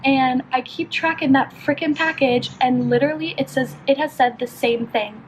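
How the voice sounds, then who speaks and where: High-voiced chatty young woman vlogger. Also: normal speed, background noise. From California. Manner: chatty, filler-heavy, animated retelling with lots of "like". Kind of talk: casual get-ready-with-me storytelling.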